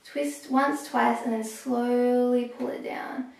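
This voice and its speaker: A young woman talking through a hair tutorial step by step, a little hoarse as she is losing her voice. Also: fairly high pitch, fairly even intonation, darkish tone, far from the mic. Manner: chatty, explaining step by step with pauses. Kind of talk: casual how-to talk while working. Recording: echoey room, voice off-mic.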